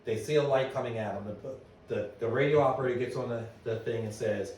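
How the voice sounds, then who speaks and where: A middle-aged man giving a conference talk to an audience, telling stories in a lively way and asking the room questions. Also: medium pitch, quick pace, slight background noise. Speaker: business owner giving a presentation. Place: meeting room at an annual meeting. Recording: echoey hall, voice from a distance.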